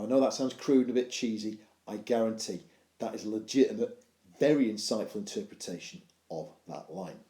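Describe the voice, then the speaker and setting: A man's voice: fairly low pitch, warm tone. Joking male teacher in a roomy space. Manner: playful, self-mocking humour. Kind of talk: video lesson, poetry analysis.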